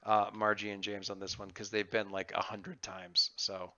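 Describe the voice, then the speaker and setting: Bright-voiced excitable game master. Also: male voice, fairly low pitch, dry recording. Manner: excitable, halting with many restarts. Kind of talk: out-of-character table talk. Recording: slightly muffled dry audio.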